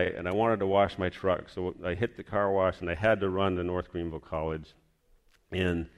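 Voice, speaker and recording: Casting: man, lowish voice, casual testimony, rambling and animated. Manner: rambling, restarts often, animated retelling. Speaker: storyteller sharing a personal testimony.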